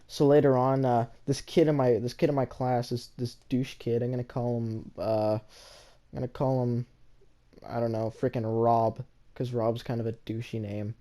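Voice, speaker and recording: A man's voice: mid-range voice, flat delivery, normal speed, warm tone. Rambling man telling a story. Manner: rambling, with many fillers and restarts. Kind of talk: casual storytelling vlog.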